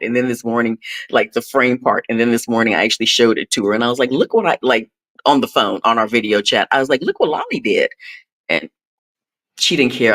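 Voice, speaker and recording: An older woman chatting casually in a live stream, telling a rambling story full of digressions and acted-out quotes. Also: fairly bright tone. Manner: rambling, digressive, acts out quotes with rising pitch. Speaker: traveling pet sitter, guest.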